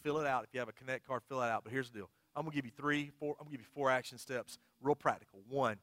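A middle-aged man, a pastor, preaching a sermon, telling a funny story with big outbursts, then dropping into quiet, earnest appeals. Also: medium pitch, very fast, no room sound.

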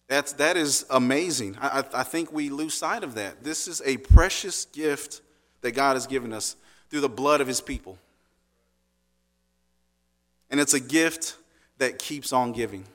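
A man's voice: medium pitch, a bit bright, big-room sound. A man preaching a sermon in a conversational way, often checking in with "right?" and restarting phrases. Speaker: pastor.

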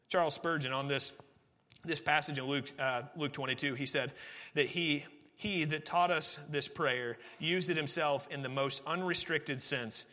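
Pastor, male, earnest sermon delivery, bright ringing tone, pitched a bit high, builds emphasis then settles low. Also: moderate pace, big-room sound. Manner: earnest preaching, rising emphasis then dropping to quiet.

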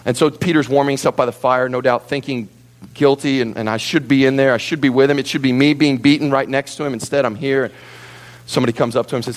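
A man preaching a sermon to a congregation, telling the story in an animated, theatrical way. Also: mid-range voice, fast talker. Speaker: pastor.

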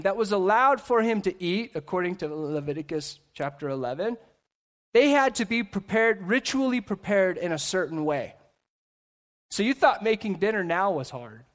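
High-voiced man preaching a lively sermon. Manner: animated, acts out quoted voices, self-correcting asides. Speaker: pastor. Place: church sanctuary with seated congregation.

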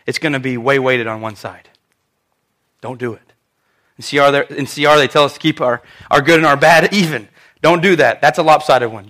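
Man preaching, high voice, conversational asides, church sermon. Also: sharp tone. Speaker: pastor.

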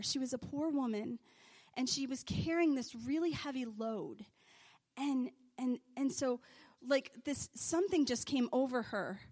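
High-voiced woman telling a faith story. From Scottish. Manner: rambling, many restarts and fillers. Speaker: speaker sharing a faith story. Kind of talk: casual sermon storytelling.

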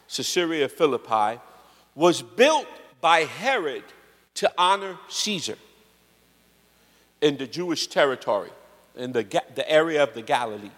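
A male pastor preaches with lively slang and calls out to his congregation for amens. His voice runs high and swings widely in pitch. A long church reverb hangs on his words. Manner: animated, slangy, asks the crowd for amens. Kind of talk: sermon.

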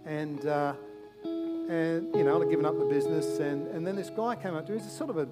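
A man preaching a sermon as pastor, passionate and repetitive, swinging between loud urgent pleas and hushed, intimate tones, often stammering into restarts. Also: on the high side, a little fast, over loud music. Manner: repeats phrases, restarts with stammers.

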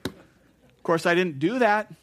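Animated preaching man telling stories. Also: high voice, slow pace. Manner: animated storytelling, chuckling and exclaiming. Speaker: pastor. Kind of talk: sermon.

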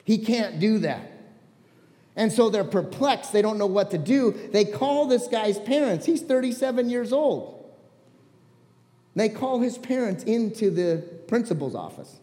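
A male pastor preaching a sermon, animated and storytelling, joking with the congregation. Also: high voice, unhurried, big-room sound.

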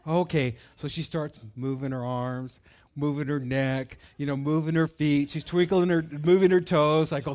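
A middle-aged man telling a personal story at a bible study, folksy and animated, with many fillers. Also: on the high side, normal speed.

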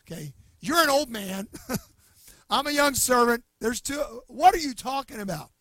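A man's voice: very high voice, animated, unhurried, sharp tone, no room sound, heavily acted. A man voicing a panicked young male servant who is frantic and disbelieving. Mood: incredulous.

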